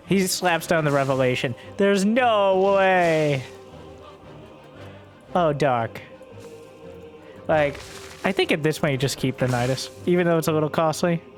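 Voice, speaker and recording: A man casting a strategy game match solo, joking along and bursting into high-pitched exclamations. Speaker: esports caster. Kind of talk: solo play-by-play commentary.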